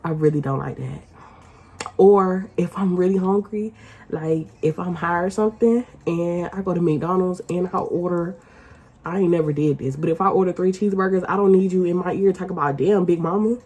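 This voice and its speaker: A woman vlogger ranting casually to the camera, blunt and profane, with loud emphatic outbursts. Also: on the low side, normal speed, breathy edge.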